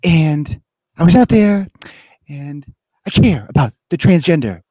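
A breathy, mock-earnest young politician , as a man puts him on. The voice drops low and soft and sits a little away from the mic, in a dry studio. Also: expressive, measured pace, dry recording. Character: mocking impression of a soft-spoken young male politician.

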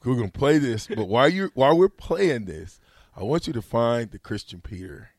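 40-something sports host teasing a clip, really lively pitch, dry sound. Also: male voice, moderate pace, dry recording. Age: 40s. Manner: mocking, laughing, animated. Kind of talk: casual chat.

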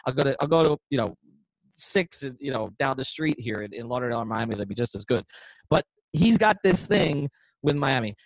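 A man co-hosting a sports podcast, telling rambling, animated stories with lots of restarts and asides. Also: mid-range voice, brisk, no room sound, low-quality recording. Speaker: podcast co-host. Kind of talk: casual sports chat.

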